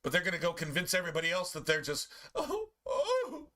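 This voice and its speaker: A man chatting casually while streaming a game, telling profane, animated stories about his pets. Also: on the high side, very fast. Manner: animated, profane storytelling with playful put-on pet voices.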